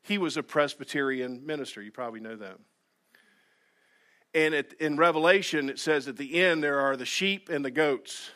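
A man preaching a sermon as pastor. He talks earnestly, dropping to soft asides and then rising to loud, emphatic exhortation. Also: fairly high pitch, normal speed. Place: church sanctuary.

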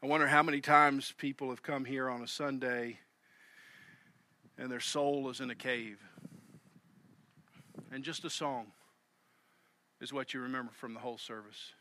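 Bright-voiced preaching man. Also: medium pitch, normal speed, long pauses, slight background noise. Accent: Southern US. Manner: animated preaching, swings from loud to hushed. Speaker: pastor. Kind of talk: sermon.

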